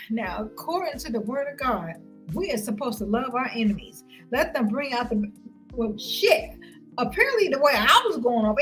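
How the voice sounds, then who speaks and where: High and bright, a woman vlogger curses frequently through a heated, loud, confrontational livestream rant aimed at her viewers. It's a rough recording.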